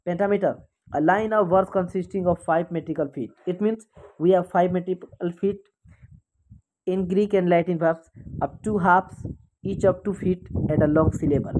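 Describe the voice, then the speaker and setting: A woman with an Indian English accent walks through exam questions as a tutor. Her voice sits a little low and mellow. She reads each option in a steady, list-like rhythm before explaining. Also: low-quality recording. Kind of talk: exam question walkthrough lesson.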